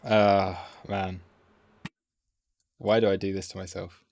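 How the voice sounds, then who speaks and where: A man's voice: low voice, little pitch movement, slow pace, darkish tone, no echo, clean studio sound. A man hosting a casual live stream about crypto trading, rambling and self-mocking as he reads the chat aloud.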